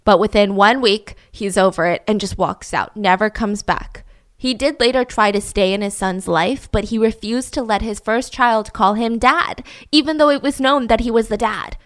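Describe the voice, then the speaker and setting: Speaking at normal speed in a medium-pitched voice, this female podcast host tells a true crime story with chatty, mock-admiring sarcasm. She addresses her audience directly throughout.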